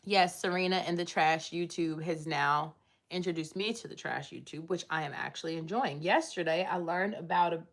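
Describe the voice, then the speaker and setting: A woman's voice: on the low side, moderate pace, vocal fry, fairly bright tone. Chatty woman rambling on a livestream. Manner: rambling, chatty, reads and answers chat comments. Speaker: livestream host. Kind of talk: casual live chat.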